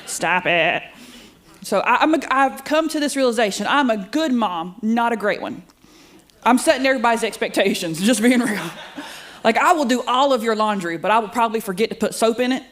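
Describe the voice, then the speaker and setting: A woman's voice: a little high, expressive, a little fast. A middle-aged woman doing a stand-up comedy set, sassy and self-deprecating, chatting with the crowd. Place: comedy club studio with live audience.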